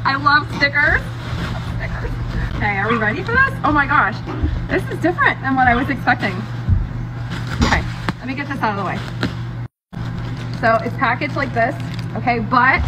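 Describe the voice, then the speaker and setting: A woman in a casual unboxing vlog, gushing and excitable, repeating herself with delight. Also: high voice, rough recording. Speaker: vlogger unboxing a gift.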